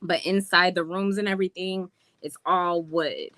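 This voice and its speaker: A woman chatting to viewers in a casual live stream while showing a rental villa, talking in a slangy, relaxed way. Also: lowish voice, moderate pace, no room sound. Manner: chatty, addresses viewers, drops into slangy speech. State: out of breath from climbing stairs. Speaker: vlogger touring a rental villa.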